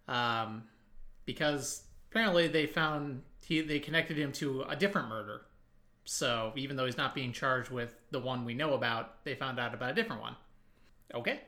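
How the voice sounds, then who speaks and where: A man's voice: medium pitch, moderate pace, pushed and bright. A man co-hosting a casual podcast, recapping a TV episode in a laid-back way with dry asides. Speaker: podcast co-host.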